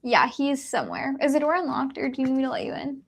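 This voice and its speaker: A woman's voice: high voice, very animated, quick pace, slight background noise. A woman hosting a casual reading live stream from home, chatting in a rambling way with lots of fillers and little laughs. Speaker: book streamer host.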